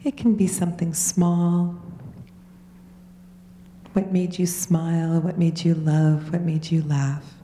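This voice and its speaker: Woman, slow mellow guided-meditation voice, gentle delivery, echoey hall. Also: on the low side, level tone, slight background noise. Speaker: meditation leader. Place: large hall.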